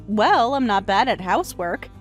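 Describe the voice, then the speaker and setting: A woman voicing a polite, patient young wife in a dramatized text-message story, speaking gently and calmly. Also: medium pitch, normal speed, natural voice. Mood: mild. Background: faint music.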